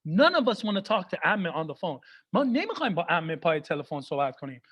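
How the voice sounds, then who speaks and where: A young man doing stand-up comedy over a video call, telling animated, fast stories and mixing two languages. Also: on the high side, slightly rough. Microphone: computer mic for a video call.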